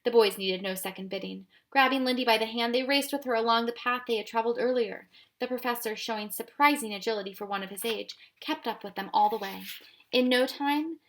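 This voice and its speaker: A woman reading a children's storybook aloud in a soft, even voice. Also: on the high side, fairly quick. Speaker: audiobook reader. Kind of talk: storybook narration.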